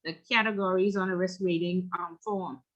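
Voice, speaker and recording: A woman's voice: lowish voice, steady tone, normal speed, fairly bright tone. A woman instructor teaching an online class, chatty and teasing, telling stories between questions to her students. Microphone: video call. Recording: dull lo-fi video call audio.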